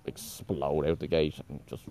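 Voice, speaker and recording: A man's voice: extremely low pitch, little pitch movement, moderate pace, dark tone. A man talking in a casual, meandering monologue, correcting himself often and swearing offhandedly.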